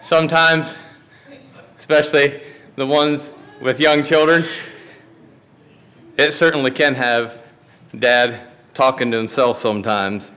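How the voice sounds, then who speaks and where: A man's voice: mid-range voice, fairly even intonation, slow pace, long pauses, pushed and bright. A man delivering a sermon from the pulpit, telling a story in a folksy way with frequent restarts. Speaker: preacher.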